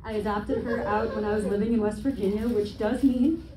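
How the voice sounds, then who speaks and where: A woman's voice: mid-range voice, fairly even intonation, a little fast, background noise. A woman in her twenties doing a stand-up comedy set on a club stage, with profane, self-deprecating humor and wry asides. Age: 20s. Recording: echoey room, heard from a distance.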